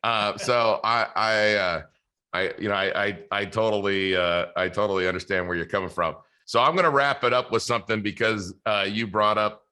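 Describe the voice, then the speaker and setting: Man, podcast host, casual interview, earnest, faith-filled, bright forceful tone. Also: lowish voice.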